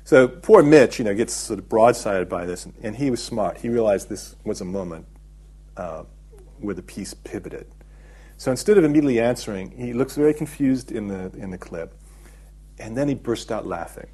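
A middle-aged man speaks in a low, husky voice as an interview guest. He explains his ideas at length in a reflective, measured way and often pauses on fillers while he thinks. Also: lively intonation, darkish tone. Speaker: documentary filmmaker, interview guest.

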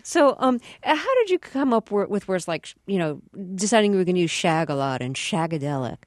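Low-voiced woman interview host. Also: big pitch swings, darkish tone, dry recording, clean studio sound. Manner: measured and curious, sets up clips. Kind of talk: interview questions.

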